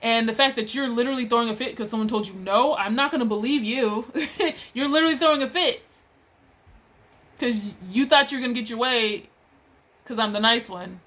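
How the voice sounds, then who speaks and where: Woman venting a work story, kinda high voice, exasperated and chatty. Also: fairly quick, fairly bright tone. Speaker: vlogger telling a work story. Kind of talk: casual storytime rant.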